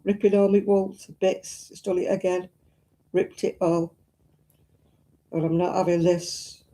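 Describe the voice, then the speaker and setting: Fussing woman with a mellow voice. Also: mid-range voice. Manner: fussing and exclaiming, chatting to viewers. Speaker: crafting live-stream host. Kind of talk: casual live-stream chat while crocheting.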